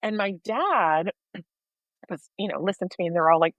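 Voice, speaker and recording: An American woman co-hosting a podcast, telling a personal story in a lively way and acting out the voices of people in it. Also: medium pitch, fast talker, dry recording, dull audio. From United States. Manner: animated storyteller, acts out dialogue. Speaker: podcast co-host sharing her faith story.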